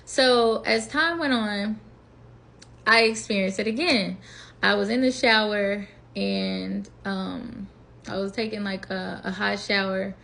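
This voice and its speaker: A woman in her twenties with a medium-pitched, gravelly voice speaks slowly. She's recounting a personal story in a casual, chatty vlog, animatedly acting out what she thought and said at the time.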